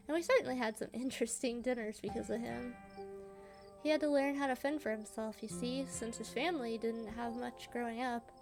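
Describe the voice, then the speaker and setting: A woman voicing a friendly young woman who lives alone with her old dog, speaking in a cheerful, folksy, matter-of-fact way. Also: high voice. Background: game music.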